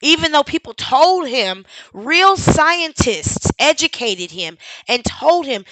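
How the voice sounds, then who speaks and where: A woman's voice: high-pitched, sing-song, takes it slowly, hardly any pauses, pushed and bright, dry recording, rough recording. A woman hosting a live stream, commenting over a video with sarcastic, incredulous questions.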